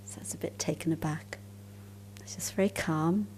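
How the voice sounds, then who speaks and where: At a conference, a woman gives a spiritual storytelling lecture in a low voice, speaking fairly quickly yet with a calm, unhurried manner. Now and then she drops into soft, almost whispered asides.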